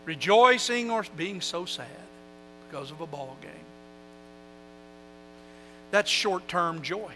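High, bright-voiced preaching pastor. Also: male voice, takes it slowly, long pauses, faint music behind, low-quality recording. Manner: animated preaching, swinging from loud calls to soft asides, with call-and-response. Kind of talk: sermon.

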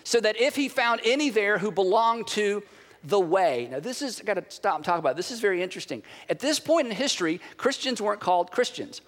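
A pastor with a high voice preaches to his congregation in a large church, his words trailing into a long hall reverb. He is animated, pausing dramatically for effect and acting out the quotes.

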